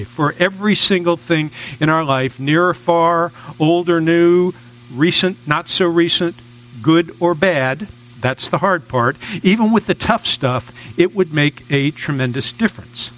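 A man's voice: on the high side, fairly bright tone, poor audio. Chatty man giving a sermon. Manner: conversational, repetitive, often asking "okay?". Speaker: minister.

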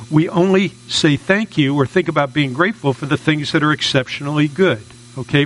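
A man's voice: fairly high pitch, a bit bright, poor audio. A man preaching a sermon in a conversational, repetitive way, often checking in with listeners. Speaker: minister.

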